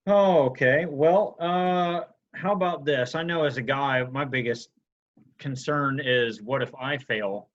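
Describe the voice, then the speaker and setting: A man hosting an interview, asking questions in an easygoing, relaxed way. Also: mid-range voice, unhurried. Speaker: interview host. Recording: dull, lo-fi sound.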